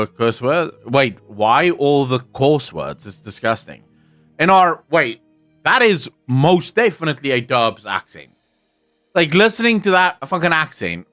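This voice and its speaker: A man's voice: mid-range voice, pushed and bright. A South African man chatting casually on a live stream, rambling and swearing freely while he answers his chat. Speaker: game streamer.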